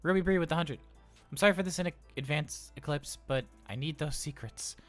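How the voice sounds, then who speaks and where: A man with a slightly high, slightly bright, natural-sounding voice talks a little fast as he plays a cheerful, anxious male robot daycare attendant on a live role-play stream. He rambles, stammers, and sounds flustered and chatty, with soft background music.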